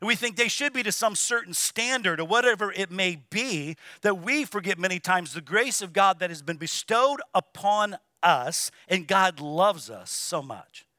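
A man preaching in a lively, dramatic style, his voice high-pitched and bright. He acts out quoted prayers with force. The sound is dry and close. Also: moderate pace, few pauses, dry recording. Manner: animated preaching with quoted asides. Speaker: pastor. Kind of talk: sermon. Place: church.

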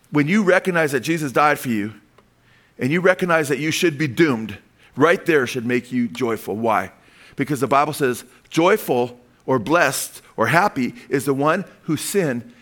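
A middle-aged man delivers a sermon, his voice sitting slightly high for a man. He preaches with animated energy, punctuating his points with call-and-response amens. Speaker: pastor.

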